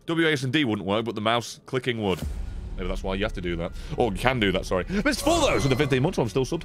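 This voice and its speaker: Talking fast in a mid-range voice, he keeps up his sweary, casual card game commentary, animated and chatting with viewers over faint background music.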